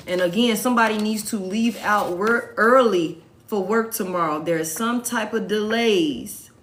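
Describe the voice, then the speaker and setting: A woman's voice: on the high side, a little hiss or hum. Blunt, cussing woman reading tarot. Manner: blunt, profane, emphatic repetition. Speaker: tarot reader. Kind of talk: casual tarot reading to viewers.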